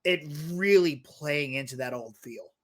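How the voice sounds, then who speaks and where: A man co-hosting a podcast in casual chat, relaxed and a bit hesitant, often stalling with fillers. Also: mid-range voice, measured pace. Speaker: podcast co-host.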